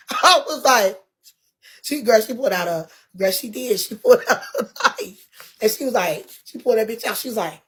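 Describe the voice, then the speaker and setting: Husky woman telling a story. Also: a little high, moderate pace. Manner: animated, laughing often, profane. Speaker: guest. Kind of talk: casual storytelling.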